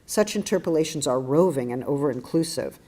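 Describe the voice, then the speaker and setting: A woman's voice: sits low, expressive, fairly quick, warm tone. A woman giving an academic lecture, telling a personal story in a thoughtful, wry, self-deprecating way, with frequent restarts.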